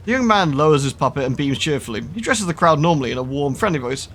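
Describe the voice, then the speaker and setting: A man's voice: fairly high pitch, expressive, fast talker, few pauses, a bit bright. Casual swearing man streaming a game. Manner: casual, swearing, reads game text aloud. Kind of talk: casual gameplay commentary and reading aloud. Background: faint game music.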